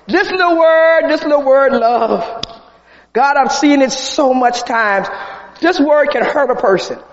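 A man preaching an impassioned sermon in a large church. He builds to shouts and repeats his refrains. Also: very high-pitched, lively intonation, slow, pauses often. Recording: echoey hall, dull sound, faint congregation.

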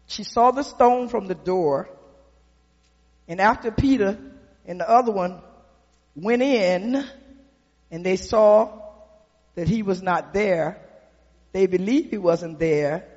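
A man preaching a sermon in a church. He speaks with folksy repetition that builds to shouted emphasis. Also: high-pitched. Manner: folksy, drawn-out delivery with repetition. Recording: dull recording with long hall reverb.

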